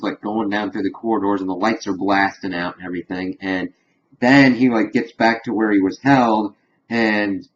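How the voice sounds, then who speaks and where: A man with a somewhat low voice recaps a TV episode in a loose, rambling way. He fills his retelling with casual fillers and loses his thread now and then. The recording sounds dull and lo-fi, with the top end rolled off. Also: slight background noise. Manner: rambling, filler-heavy storytelling. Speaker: TV episode reviewer.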